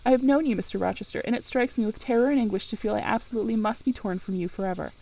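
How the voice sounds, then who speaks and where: A woman voicing a passionate, proud young governess in an audiobook, with a slightly high voice. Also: racing, warm tone, low-quality recording. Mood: impassioned.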